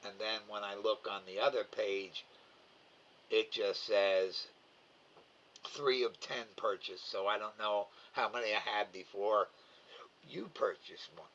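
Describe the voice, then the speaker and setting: A middle-aged man hosting a live stream, talking slowly and stumbling over repeated words as he answers his viewers. His voice is bright and a little forceful. The stream audio sounds dull and lo-fi. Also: on the low side, a little hiss or hum. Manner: slow, halting, repeats words, emotional. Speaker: live cam host reading chat. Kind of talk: casual live-stream chat.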